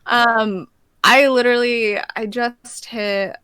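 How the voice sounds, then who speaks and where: A woman's voice: on the high side, steady tone, slow, sharp tone. A young woman being interviewed as a guest streamer, laid-back and giggly, saying "like" a lot. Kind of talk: casual interview chat.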